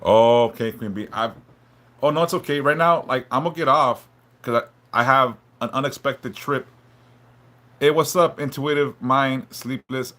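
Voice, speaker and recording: A man hosting a live stream, talking haltingly and emotionally, stumbling and repeating words, swearing a lot and apologizing for opening up. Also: medium pitch, sharp tone. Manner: apologetic and openly vulnerable. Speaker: livestream host reading chat.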